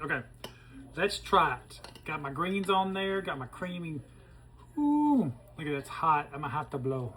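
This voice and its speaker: A man's voice: fairly high pitch, pushed and bright, slight background noise, poor audio. A man hosting a casual cooking demonstration in his kitchen, chatty and folksy, talking to viewers as he tastes the food. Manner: chatty and folksy, talks to viewers while tasting. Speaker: cooking show host.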